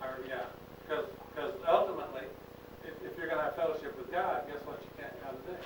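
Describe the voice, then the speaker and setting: A man's voice: fairly high pitch, quick pace, background noise. A man teaching a Bible class in an emphatic preaching style, asking the class questions. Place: church classroom. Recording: echoey room, distant mic.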